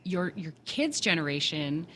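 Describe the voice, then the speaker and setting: A woman's voice: sits low, big pitch swings, unhurried, a bit bright, a little hiss or hum. A woman in her forties hosting an interview, chatty and thinking aloud as she talks. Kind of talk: conversational interview.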